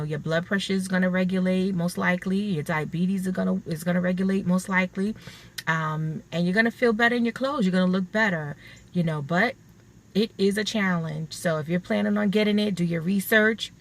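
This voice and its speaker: Earnest woman vlogger, lowish voice. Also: a little fast. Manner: earnest, rambling, repeats herself for emphasis. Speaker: vlogger sharing her weight-loss surgery recovery. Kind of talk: casual talk to camera.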